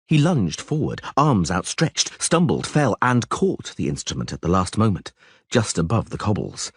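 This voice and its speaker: A man narrating a fantasy audiobook with expressive, animated storytelling. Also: fairly low pitch, normal speed, husky, no echo, studio quality.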